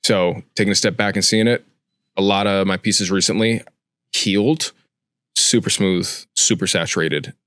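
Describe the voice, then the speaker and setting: A man's voice: low-pitched, steady tone, moderate pace, fairly bright tone, dry recording, studio quality. A man co-hosting a casual podcast, talking bluntly and cursing a lot. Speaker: podcast co-host, tattoo artist. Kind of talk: casual chat.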